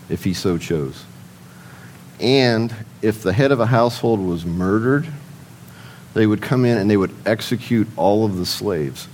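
A low-pitched man preaches in an easygoing, conversational way. He poses rhetorical questions and answers them himself, and at times turns to speak straight to the men listening. A faint noise sits under the recording. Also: darkish tone, poor audio. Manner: addresses the men in the audience directly. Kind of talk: sermon.

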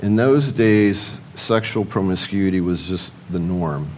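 A man's voice: deep voice, unhurried, a little mellow, slight background noise, rough recording. A man preaching a sermon in a conversational way, posing rhetorical questions and answering them himself, and speaking directly to the men listening. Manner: addresses the men in the audience directly.

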